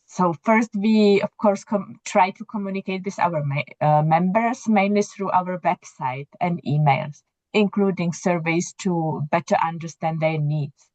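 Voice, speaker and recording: A woman's voice: lowish voice, measured pace, darkish tone, dry recording. Woman, dull dry lo-fi call. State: sick, weak voice. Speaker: association presenter. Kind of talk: webinar presentation.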